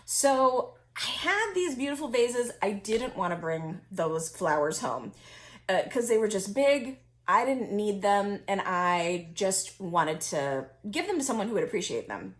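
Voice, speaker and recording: A woman's voice: medium pitch, big pitch swings, measured pace. A woman reselling vintage finds tells a story in casual chat, laughing often and restarting her sentences. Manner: chatty, laughs often, many fillers and restarts.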